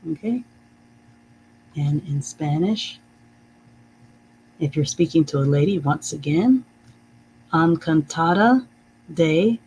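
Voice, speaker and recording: Slow, patient reading teacher. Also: medium pitch, a little mellow, a little hiss or hum, rough recording. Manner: repeats phrases slowly and carefully, says "okay?" often; chuckles often. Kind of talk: live-streamed reading lesson.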